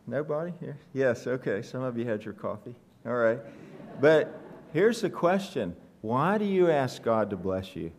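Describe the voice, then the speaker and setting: A pastor giving a conversational teaching sermon to his congregation in church, reading scripture slowly and putting questions to the room with a self-deprecating humor. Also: mid-range voice, a little mellow.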